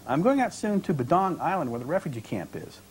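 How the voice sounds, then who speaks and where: A wry young American woman traveler talks on and on, ironic and a little defensive, as a man reading his novel puts her on. The voice sits high and swoops about with lively rises and falls. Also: fast talker, a little hiss or hum, rough recording. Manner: chatty, ironic, lightly defensive. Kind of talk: author reading dialogue aloud.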